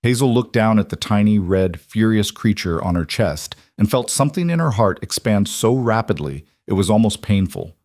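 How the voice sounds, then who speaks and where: Male narrator, low voice, dry close sound, measured and earnest, for western tales. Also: animated, darkish tone, no room sound. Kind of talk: scripted storytelling narration.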